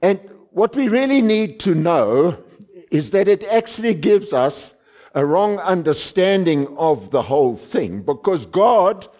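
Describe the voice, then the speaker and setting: Male preacher, slow deliberate delivery, lively pitch swings, emphatic, repeats himself. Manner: repeats phrases and restarts with fillers. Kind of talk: sermon.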